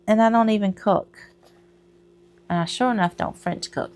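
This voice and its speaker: A woman's voice: medium pitch, normal speed, darkish tone, a little hiss or hum. A middle-aged woman, chatting casually to camera at home, rambling and laughing at herself. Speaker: crochet vlogger.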